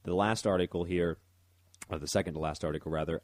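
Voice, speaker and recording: A man's voice: low voice, fairly even intonation, quick pace, darkish tone, no echo, clean studio sound. A man hosting a talk radio show, rambling and stumbling over his words as he comments. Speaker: radio host.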